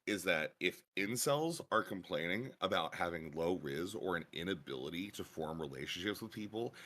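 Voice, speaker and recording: A man's voice: sits low, animated, normal speed, pushed and bright. A man on a debate panel, blunt and profane, full of slang, pushing back hard on the other side.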